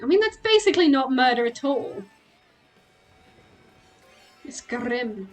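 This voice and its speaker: Woman game streamer, chatty and excitable, voice a touch high, faint music underneath. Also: low-quality recording. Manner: chatty and excitable, quick exclamations and giggles. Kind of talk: casual gameplay chat.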